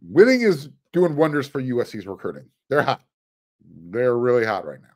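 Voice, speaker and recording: A man's voice: mid-range voice, big pitch swings, moderate pace. A man hosting a sports podcast, talking casually with fillers, restarts and dry sarcastic asides. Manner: chatty, with fillers and frequent restarts. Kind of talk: casual commentary.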